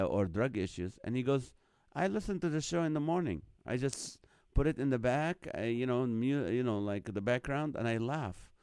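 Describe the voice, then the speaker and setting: A man hosting a casual live stream, reading out viewer comments, chuckling often and turning quiet when serious. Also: smooth, no echo, studio quality. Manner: drops quiet and low when serious, lifts loud for jokes. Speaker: host of a live show.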